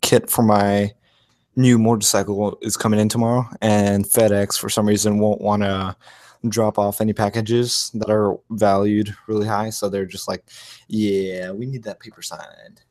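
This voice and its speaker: Man, somewhat low voice, casual live-stream chat, easygoing, fillers. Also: level tone, moderate pace, darkish tone. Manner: chatty, explains things with fillers.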